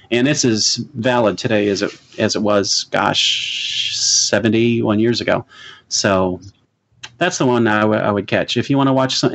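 A middle-aged man co-hosting a podcast, chatting casually and earnestly about old films and laughing easily. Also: on the low side. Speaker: podcast co-host. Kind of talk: casual chat about movies.

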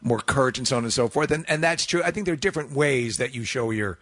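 A man's voice: mid-range voice, expressive, quick pace, fairly bright tone. A man from the northeastern United States hosting a casual chat, rambling and often restarting his sentences. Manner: rambling, self-correcting. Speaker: host.

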